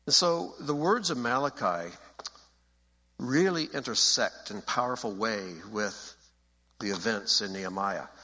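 A man's voice: medium pitch, sharp tone, long reverb tail, low-quality recording. A man preaching a sermon in an emphatic, conversational way, repeating phrases for weight. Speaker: pastor.

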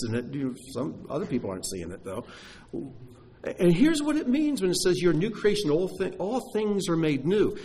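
Man, preacher, sermon, lively swinging pitch, emphatic, repeats points, asks questions. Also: a little fast, slightly rough.

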